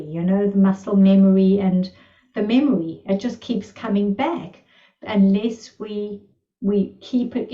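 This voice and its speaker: A woman's voice: mid-range voice, dark tone. A woman teaching energy healing, telling stories with delighted enthusiasm in a casual lesson. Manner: enthusiastic, marvelling storyteller. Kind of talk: casual storytelling in an online lesson. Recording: distant, roomy, slightly dull recording.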